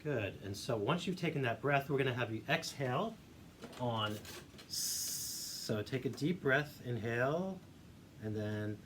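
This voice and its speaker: A male voice teacher calmly guiding a singing warmup, giving encouraging instructions. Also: mid-range voice, measured pace. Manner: demonstrates hums and vocal sounds. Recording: faint background noise.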